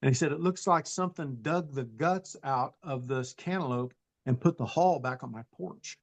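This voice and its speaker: A man telling a personal story in a casual, halting way, full of restarts and "he goes", plainspoken and folksy. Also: medium pitch. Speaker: storyteller recounting an encounter.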